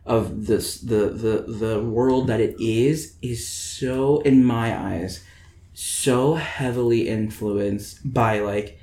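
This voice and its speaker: A man in his twenties hosts a podcast, chatting casually in a rambling, theatrical way packed with "like" fillers. His voice is mid-range and darkish, his pace slow, and the recording has a roomy echo.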